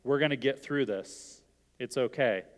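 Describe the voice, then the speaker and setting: Speaking at a measured pace in a mid-range voice, a middle-aged preacher keeps his sermon casual and conversational, putting questions to the audience. The sound carries a long hall reverb.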